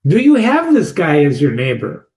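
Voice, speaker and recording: A man hosting a literature channel, casually analyzing a short story with digressive anecdotes, wry asides and quick laughs. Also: fairly high pitch, wildly swooping pitch, a little mellow. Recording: echoey room.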